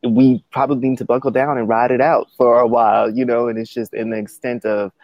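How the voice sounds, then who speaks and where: A man's voice: medium pitch, flat delivery, fairly quick, darkish tone, no echo, dull audio. A man chatting casually, laughing often and rambling with restarts. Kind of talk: casual chat.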